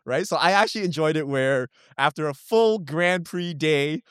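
A man co-hosting a podcast in casual chat, talking fast and opinionated and tagging his points with "right?". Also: a little high, a bit bright, clean tone, no echo, studio quality. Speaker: podcast co-host.

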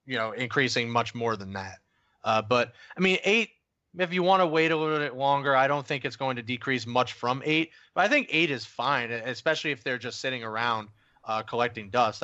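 A man's voice: mid-range voice, pushed and bright, no echo. A man co-hosting a casual podcast, chatty and agreeable, laughing easily. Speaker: podcast co-host. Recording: dull, dry lo-fi podcast audio.

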